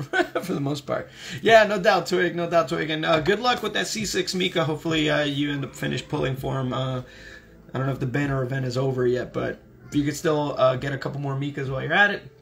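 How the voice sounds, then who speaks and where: A man's voice: medium pitch, vocal fry, a bit bright. A young man, a voice actor, chatting casually with viewers on a livestream while signing autographs, laid-back and upbeat.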